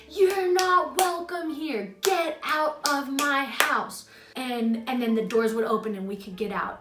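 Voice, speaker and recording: A woman's voice: mid-range voice, a bit bright. Young female vlogger, casual storytelling, heavy "like", emotional edge, roomy sound. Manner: chatty, heavy use of "like"; emotional, choked up at times. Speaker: YouTuber. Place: her home, indoors.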